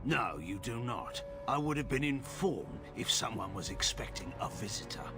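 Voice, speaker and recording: A man's voice: medium pitch, lively intonation, normal speed, over music, natural voice. An actor voicing a guarded, suspicious male villager in a video game, speaking coldly and formally. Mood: curt. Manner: cold, curt and formal.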